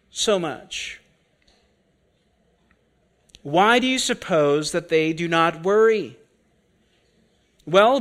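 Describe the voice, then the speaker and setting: A man preaching an expository sermon, deliberate and full of rhetorical questions. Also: sits high, fairly bright tone.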